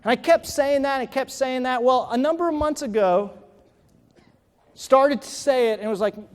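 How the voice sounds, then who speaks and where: With a very high voice, a measured pace and long pauses, a man gives a motivational keynote in a large, reverberant hall. He tells the audience a personal story and builds to emphatic exhortation.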